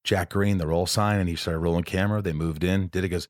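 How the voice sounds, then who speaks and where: A man hosting a casual podcast who talks in chatty, rambling anecdotes. His voice sits a little low and sounds dry and close, with no room around it. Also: sing-song, quick pace, few pauses, no room sound. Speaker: podcast host.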